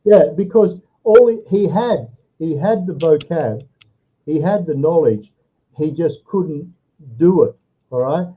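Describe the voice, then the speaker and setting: A male English tutor teaches an online lesson over video call in a fairly high, animated, slightly rough voice, speaking slowly through dull audio. He explains patiently, tagging sentences with "okay?" and "all right?" to check in after each point.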